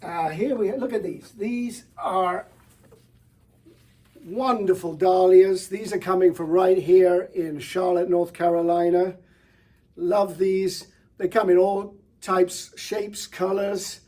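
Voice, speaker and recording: This middle-aged florist talks slowly in a high, mellow voice with fairly even intonation. He demonstrates his flowers with enthusiasm, chatting along with fillers and occasional restarts.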